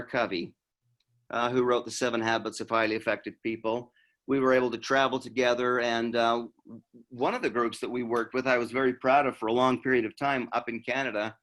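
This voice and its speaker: A man's voice: mid-range voice, a bit bright. A middle-aged man from Utah, a law enforcement trainer telling a story in a conversational training talk and acting out the dialogue.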